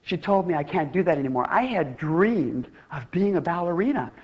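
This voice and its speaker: Brief: lively woman keynote speaker telling a funny stage story, swooping pitch, muffled lo-fi recording. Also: moderate pace, husky. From Iowa, USA. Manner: animated, playful, theatrical. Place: stage before a live audience.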